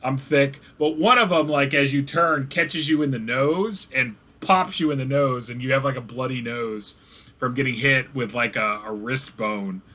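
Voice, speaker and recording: A man's voice: mid-range voice, normal speed, bright, forceful tone. A man running a tabletop game as game master, acting out the players' reactions with laughs.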